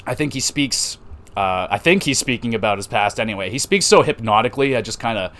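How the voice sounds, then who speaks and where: A man's voice: medium pitch, a little fast. Casual swearing man recapping wrestling. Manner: excitable, swears, laughs often. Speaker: podcast host reviewing wrestling.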